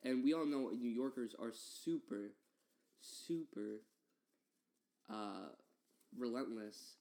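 Young man bantering goofily, mellow. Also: medium pitch, slow pace, vocal fry. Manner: goofy, argues playfully. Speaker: podcast co-host. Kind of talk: casual banter.

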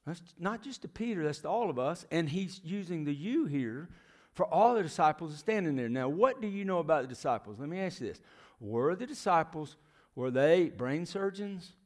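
In a church sanctuary, a visiting missionary from the United States, middle-aged, tells folksy stories from the pulpit and asks the congregation questions. He speaks at normal speed in an expressive, slightly high voice.

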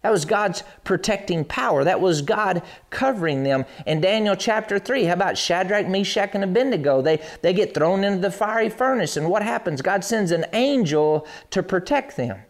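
Male preacher, high and lively, dramatizes scripture for an online congregation. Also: normal speed, hardly any pauses. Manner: animated, acts out Bible scenes with voices. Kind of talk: streamed sermon.

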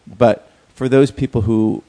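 A man's voice: mid-range voice, steady tone, measured pace, mellow. A man in a casual chat, rambling with many fillers and restarts and speaking bluntly, with some profanity.

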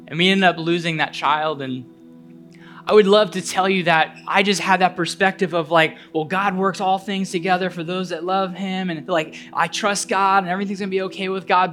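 A man's voice: high voice, a bit bright. A male pastor preaching a sermon, telling a personal story earnestly and building to fervent appeals.

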